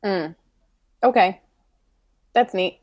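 A woman's voice: medium pitch, slow, darkish tone, no room sound. A woman co-hosting a podcast in casual chat, dry and teasing. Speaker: podcast co-host.

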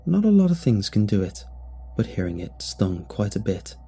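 A man narrating a first-person horror story in a steady, dramatic storytelling manner. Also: sits low, moderate pace, gravelly, breathy edge.

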